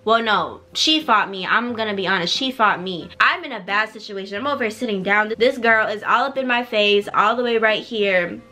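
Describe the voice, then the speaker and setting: A young woman vlogger in her twenties telling a casual story at home, blunt and animated, full of slang and swearing, keeping her voice down at night. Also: medium pitch, moderate pace, hardly any pauses. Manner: drops to a quieter voice so neighbors won't hear.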